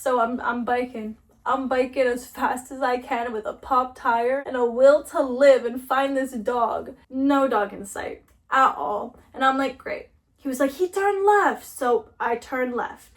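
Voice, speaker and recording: A young woman vlogger telling a story casually while cleaning, animated and acting out the voices of people she quotes. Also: sits high, a little slow. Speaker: lifestyle vlogger.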